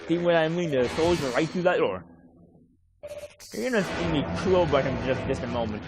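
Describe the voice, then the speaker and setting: A man's voice: a little high, lively intonation, normal speed, noisy background. A man giving rambling, casual commentary while streaming a game, swearing offhandedly now and then.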